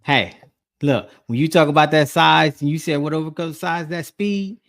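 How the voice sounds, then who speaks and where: A man's voice: on the high side, moderate pace, a bit bright. A man co-hosting a casual football chat, agreeable and chiming in with short affirmations. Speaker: co-host.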